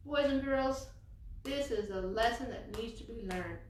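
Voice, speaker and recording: A children's librarian reading picture books aloud and singing nursery songs, slow and expressive, addressing the children directly. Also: female voice, a little high. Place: library room. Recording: echoey room, voice from far off.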